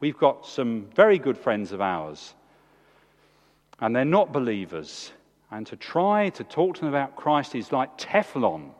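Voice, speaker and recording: Animated preacher in a reverberant hall. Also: male voice, measured pace. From England. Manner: animated, emphatic preaching with big swings in pitch. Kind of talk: sermon. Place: church.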